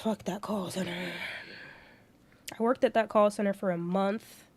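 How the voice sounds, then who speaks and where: A woman's voice: mid-range voice, fairly even intonation, measured pace, noisy background. A woman in her twenties chatting casually on a livestream, telling rambling stories with heavy profanity and blunt rants. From Florida. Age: 20s. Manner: profane, ranting storyteller. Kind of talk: casual stream chat.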